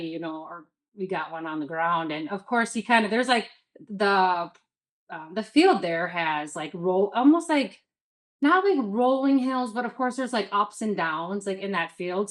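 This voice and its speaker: Chatty midwest woman, 30s, lots of "like", kinda low voice. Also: poor audio. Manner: chatty, lots of "like" and quoted self-talk. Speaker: guest. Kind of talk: casual storytelling in a podcast interview.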